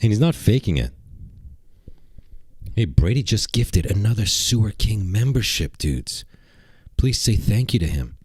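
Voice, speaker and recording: Brash, lively male streamer. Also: on the low side, measured pace, long pauses, husky, no room sound. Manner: brash, excitable, talks to chat. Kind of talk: casual livestream chat.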